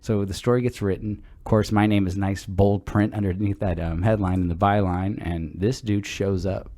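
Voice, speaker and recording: A middle-aged man with a fairly low voice, co-hosting a casual chat podcast. He tells long stories in a loose, rambling way, dropping swear words as he goes. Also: moderate pace. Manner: relaxed, rambling, swears freely. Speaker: podcast co-host.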